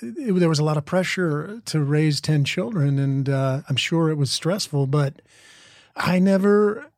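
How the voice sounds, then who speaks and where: A man's voice: on the high side, animated, measured pace, a little mellow, dry recording, studio quality. A man in his forties from the American Midwest, an actor being interviewed, talking thoughtfully with restarts and asides. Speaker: actor guest. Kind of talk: interview conversation.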